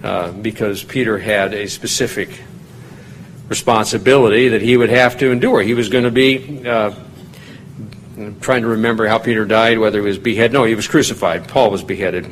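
A man's voice: fairly even intonation, moderate pace, slight background noise, low-quality recording. Man teaching a casual Bible study. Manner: conversational, rises in pitch when reading quoted lines. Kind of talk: informal Bible study talk.

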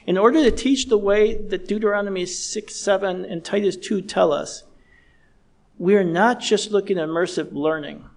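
Earnest man preaching a measured sermon. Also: sits high, creaky. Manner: measured, earnest, slows down for emphasis.

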